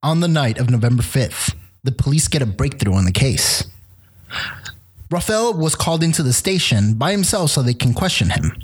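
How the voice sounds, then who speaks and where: A man telling a true crime story on a casual podcast, animated and acting out the quotes. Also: medium pitch, normal speed, breathy edge. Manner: animated retelling with acted quotes and casual swearing.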